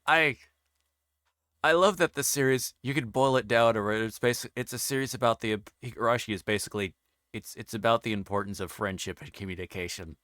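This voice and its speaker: A man's voice: medium pitch, brisk, pushed and bright, no echo, clean studio sound. A man hosting an interview show in casual livestream chat, rambling through meandering explanations.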